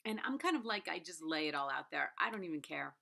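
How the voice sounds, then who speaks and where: Fifty-something lady vlogging a book review, bright voice, super candid and chatty, says like a lot. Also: deep voice, lively intonation, fast talker, creaky. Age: 50s. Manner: candid and chatty, many "like"s and "right?". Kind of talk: casual chat.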